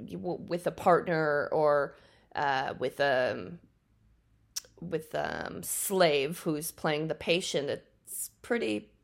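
A woman hosting a podcast and telling stories casually, laughing often and pausing on ums. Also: low-pitched, gravelly. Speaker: podcast host. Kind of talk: casual storytelling.

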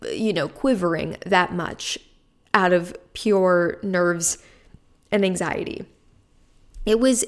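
A woman hosting a solo podcast in casual chat, excitable and chatty with lots of fillers. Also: medium pitch, creaky. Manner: chatty and excitable, many fillers like "like" and "you know". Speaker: podcast host.

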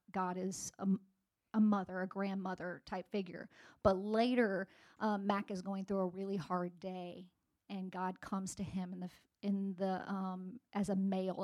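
A woman's voice: medium pitch, a little mellow. A woman in her forties giving a sermon-style personal talk to a congregation, conversational, with many fillers and restarts. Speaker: speaker at a church gathering.

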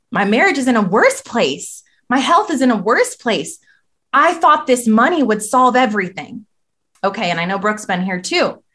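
Middle-aged woman, podcast guest, earnest testimony, mid-pitched, piling up repeated phrases. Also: a bit bright. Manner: earnest, emphatic repetition. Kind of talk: faith testimony in conversation.

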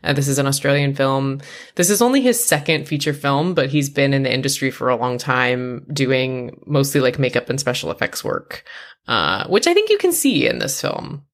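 A woman's voice: extremely low pitch, big pitch swings, normal speed. A woman co-hosting a film podcast, chatty and laughing at her own jokes. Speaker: podcast co-host. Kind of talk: casual podcast chat about a horror film.

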